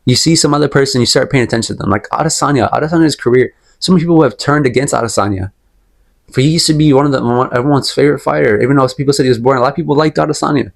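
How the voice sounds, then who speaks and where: Young male vlogger, casual rant, emphatic and repetitive, mid-pitched voice, talks his opinions through at length. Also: very fast, vocal fry. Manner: rambling, emphatic, repeats himself, sips tea while talking. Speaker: MMA commentary vlogger.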